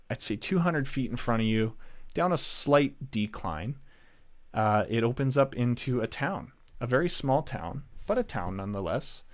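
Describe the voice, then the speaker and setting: A man narrating a tabletop game as game master, casual and rambling. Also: lowish voice.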